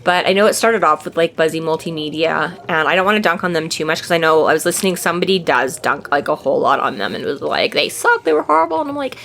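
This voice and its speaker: A woman's voice: low voice, quick pace, hardly any pauses, a bit bright. A woman co-hosting a podcast in casual, rambling chat, talking animatedly, laughing often and swearing freely. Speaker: podcast co-host. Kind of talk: casual rambling book discussion.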